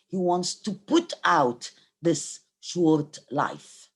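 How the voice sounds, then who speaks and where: A woman's voice: fairly low pitch, expressive, extremely slow, slightly rough. A middle-aged Egyptian woman, a native Arabic speaker, giving a university literature lecture. She reads verse aloud, then explains each line and glosses it in Arabic.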